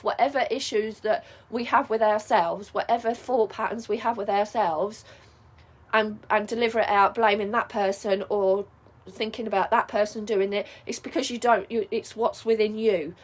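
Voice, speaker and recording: A woman's voice: medium pitch, fairly even intonation, normal speed, slightly rough. A middle-aged woman coaching viewers in a casual advice vlog, chatty and reassuring, often checking in with "yeah?". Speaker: spiritual life coach.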